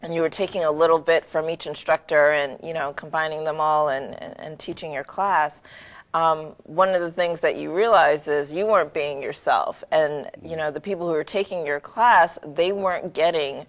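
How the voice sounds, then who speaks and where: A woman's voice: low voice, moderate pace. A woman coach giving encouraging self-confidence advice in a casual conversation.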